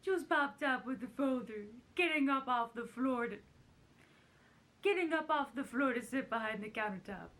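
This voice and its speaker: A woman doing a raspy, quavering older showbiz grande dame while reading a storybook page aloud theatrically. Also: high voice, animated, normal speed, a bit bright.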